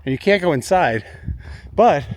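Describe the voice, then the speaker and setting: A man vlogging on a hike outdoors, exclaiming excitedly at the sights while filming on a handheld pocket camera. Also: fairly high pitch, moderate pace, no echo. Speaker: travel vlogger. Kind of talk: walking travel vlog. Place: outdoors on a hilltop trail.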